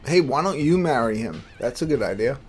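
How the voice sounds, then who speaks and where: A man's voice: medium pitch, animated, fairly quick, a little mellow, slightly rough. Laid-back male host, asks questions, faint music behind. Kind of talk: casual chat.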